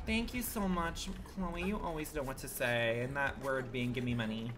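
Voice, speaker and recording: A man's voice: mid-range voice, moderate pace, background noise. A man streaming a game live, talking to his viewers in a dramatic, exclamatory and profane way. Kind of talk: casual live gaming commentary.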